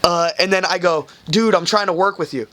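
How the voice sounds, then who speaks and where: In a dry recording, this young podcast host's voice sits high, pushed and bright, and he speaks briskly. His casual storytelling is rambling and heavy on swearing, and he acts out the people he quotes.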